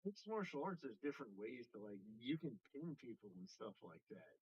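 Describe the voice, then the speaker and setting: A man's voice: mid-range voice, big pitch swings, brisk, slightly rough, no room sound, dull audio. A man in casual podcast chat, rambling with stacked fillers and restarts and casual swearing.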